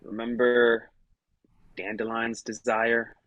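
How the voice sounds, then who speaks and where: A man reading an intense middle-aged man in a bad suit, speaking flatly, for a play reading. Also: medium pitch, slow pace, no room sound. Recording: dull, dry home mic.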